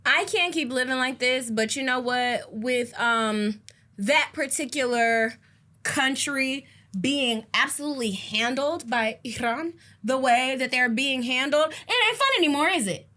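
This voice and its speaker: A woman co-hosting a comedy podcast, talking in a brash, profane, animated way and telling stories. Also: sits high, unhurried. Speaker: podcast co-host. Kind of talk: casual comedic chat.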